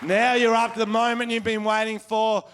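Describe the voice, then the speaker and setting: An Australian man performing a stand-up comedy set on stage, telling crude stories with loud shouted impressions. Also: sits high, little pitch movement, moderate pace, crowd noise, noisy background. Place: comedy venue stage before a live audience.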